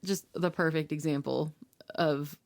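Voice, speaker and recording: Young woman, podcast co-host, lowish voice, casual chat, laughs a lot, acts out dialogue. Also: fairly even intonation, unhurried, creaky.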